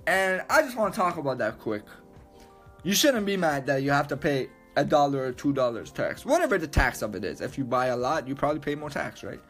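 A man ranting loudly and emphatically, swearing a lot and repeating himself. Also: on the high side, very animated, a little fast, faint music behind. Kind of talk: profane rant to camera.

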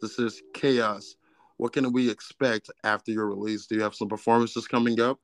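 A young man hosting a casual interview, an animated and playful storyteller. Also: lowish voice, normal speed, no room sound. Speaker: interview host.

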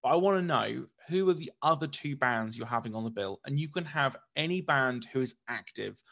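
A man's voice: medium pitch, lively intonation, brisk, gravelly, a bit bright. A man hosting a podcast, asking questions in a rambling, casual way and swearing now and then. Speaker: podcast host.

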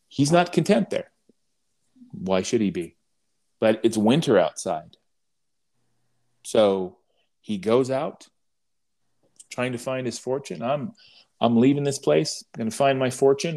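A man co-hosting a podcast, talking in a halting way with many restarts and telling a humorous parable with dry wit. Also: on the low side, darkish tone. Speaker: podcast co-host. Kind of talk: casual conversation and storytelling.

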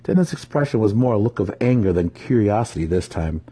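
A man reading a fantasy novel aloud, telling the story with steady drama. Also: fairly low pitch, a little fast, husky. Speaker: audiobook reader.

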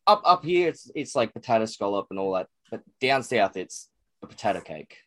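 A man with an Australian accent in a casual podcast chat, animated and swearing a lot, jumping in often. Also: lowish voice, brisk.

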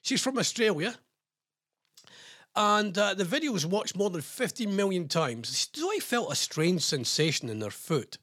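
An English man with a British accent hosts a radio show, his high, sing-song voice unhurried and a little bright in clean studio sound with no room echo. He chats casually, reading listener messages and strange news stories with rambling, jokey asides.

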